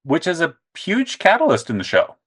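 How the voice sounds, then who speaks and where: A man co-hosting a casual podcast chat, animated and acting out the quotes he tells in exaggerated voices. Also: fairly high pitch, moderate pace, breathy edge. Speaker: podcast co-host.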